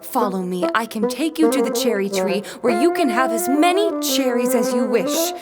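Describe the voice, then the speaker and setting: A woman voicing a brave little female robin in a spoken storybook, speaking in a high, earnest way. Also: expressive, moderate pace, natural voice. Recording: voice over loud bassoon and percussion music.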